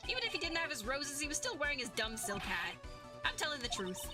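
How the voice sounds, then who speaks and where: A petulant male witness whines and sulks like a bratty kid, as a woman puts him on. His voice is pitched high and swoops wildly. He protests every question defensively. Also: very animated, fast, over loud music. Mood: whiny. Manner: whiny, petulant. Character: whiny grown man witness, childish and defensive.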